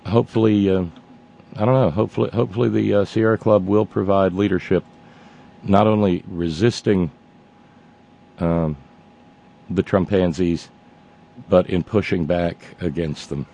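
A man's voice: sits low, fairly even intonation, normal speed, creaky, long pauses, dark tone. A man hosting talk radio, rambling and sardonic in a casual monologue. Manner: rambling and sardonic, with many fillers and restarts. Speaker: radio talk show host.

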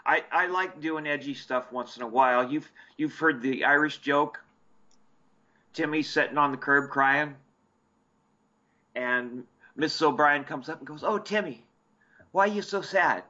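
A chatty man from Eastern Oregon calls in to a talk show, with a bright, forward voice. He tells folksy stories, and his voice comes through a dull, lo-fi line. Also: on the high side, steady tone, unhurried. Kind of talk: casual call-in chat.

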